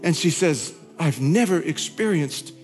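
A male pastor telling a story in his sermon, animated, his voice climbing high when he gets excited. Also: unhurried. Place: large church hall. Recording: hall reverb with faint music.

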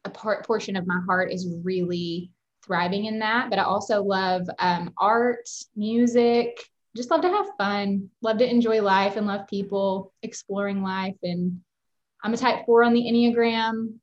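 A woman's voice: medium pitch, steady tone, a little slow, highs cut off. Giggly woman with a Kentucky accent. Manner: warm, gushing, giggly. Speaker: podcast guest. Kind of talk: casual chat.

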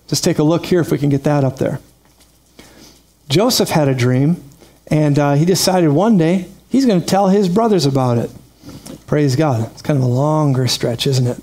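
A male preacher delivering a sermon like a friendly chat. His voice sits a touch high, and he keeps breaking into laughing asides as he tells the story. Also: a little mellow.

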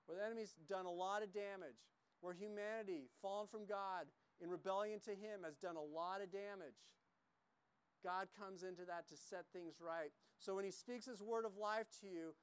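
Smooth-voiced male pastor preaching. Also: high-pitched, no echo. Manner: emphatic, repetitive preaching with quoted lines. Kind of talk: sermon.

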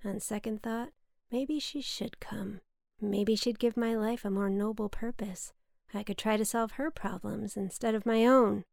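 A woman reading her own scripted personal memoir in a candid, wry, profane way, often dropping to a hush. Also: medium pitch, steady tone, a little slow, vocal fry, no echo, clean studio sound. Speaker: memoir podcaster.

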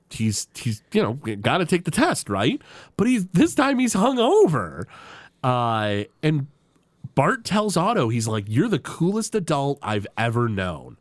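Guy on a podcast recapping a cartoon, voice jumping all over for the quotes, dry close sound. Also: no room sound. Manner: animated, lots of "like" and "you know", jumps pitch for quoted lines. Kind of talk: casual chat, retelling scenes with quick impressions.

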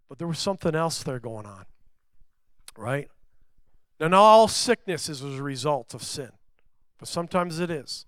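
A man's voice: medium pitch, expressive, no room sound. Fervent preaching man, dry close sound. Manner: swings between loud emphatic lines and hushed, slow ones; asks the congregation questions, drawn-out emphasis. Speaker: pastor. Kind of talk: sermon. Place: church service before a congregation.

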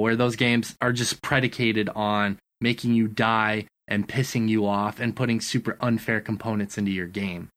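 A man's voice: on the low side, a bit bright. A man co-hosting a gaming podcast, chatting casually and leaning on fillers like "like". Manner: filler-heavy, says "like" a lot. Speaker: podcast co-host. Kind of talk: casual chat.

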